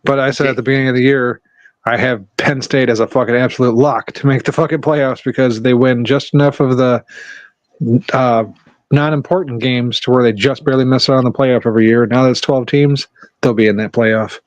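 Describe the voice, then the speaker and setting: A man's voice: mid-range voice, steady tone, fairly quick, no room sound. Host: profane, brash man running a sports picks podcast; dull, dry, lo-fi sound. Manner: brash, swears freely, calls on each panelist for picks. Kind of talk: casual sports podcast chat.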